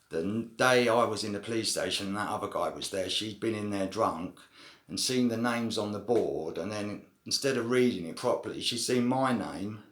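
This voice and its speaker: A man's voice: lowish voice, a bit bright. A man telling a story to camera in a casual, rambling way, full of slang and swearing. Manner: rambling, slangy, swears, frequent "you know what I mean" fillers. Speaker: vlogger telling a prison story. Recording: roomy echo.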